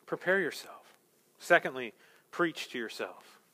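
A man preaching a sermon as pastor, conversational and animated, building to emphatic peaks. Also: on the high side, measured pace.

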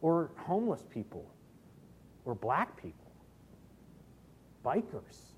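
A man's voice: a little high, huge pitch swings, takes it slowly, slight background noise. A middle-aged man preaching a sermon, telling personal stories with self-deprecating humor. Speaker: pastor.

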